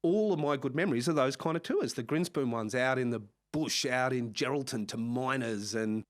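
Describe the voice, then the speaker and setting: A man with an Australian accent, a music manager telling lively anecdotes in a casual interview. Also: mid-range voice, normal speed. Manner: animated anecdotes with frequent laughs and acted-out quotes. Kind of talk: casual storytelling chat.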